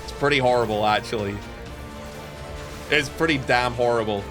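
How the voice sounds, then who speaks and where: A young man from Northern Ireland with a softened Northern Irish accent, chatting and joking casually with his stream viewers. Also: mid-range voice, moderate pace, over music.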